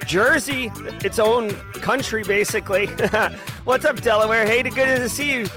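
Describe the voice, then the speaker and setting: A man hosting a live show, giving playful, rapid shout-outs to viewers. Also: high-pitched, over music. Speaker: livestream host.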